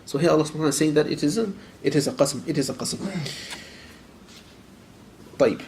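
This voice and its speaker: A man teaching a room of students, his voice sitting a little high and moving at a quick clip. He presses them with direct questions and repeats phrases for emphasis. Verses are recited quickly, and a faint hum of ambience sits beneath him. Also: creaky, a little mellow. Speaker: Islamic teacher. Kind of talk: classroom lecture on a creed text.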